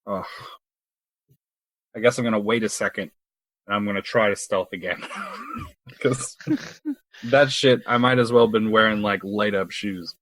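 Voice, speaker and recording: A man's voice: lowish voice, measured pace, pauses often, fairly bright tone, no room sound. A man playing a tabletop game, bantering casually, swearing and joking. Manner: profane, joking. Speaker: player.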